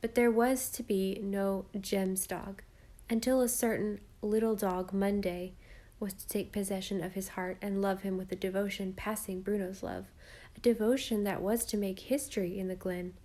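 A classic children's novel is read aloud by a woman audiobook narrator. Her pitch is medium, and she narrates with measured expression.

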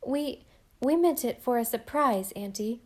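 A woman voicing a gentle, dreamy young wife, speaking softly with a slightly lifted voice. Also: on the high side, expressive, a little slow, pitched above the performer's own voice.

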